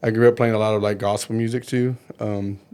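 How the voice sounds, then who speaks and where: A middle-aged man talks fast and loose, spinning stories in a relaxed interview. He slips into the voices of the people he quotes. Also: lowish voice, clear, resonant tone. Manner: animated storyteller, acts out quoted voices. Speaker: bass player and band manager. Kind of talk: casual interview chat.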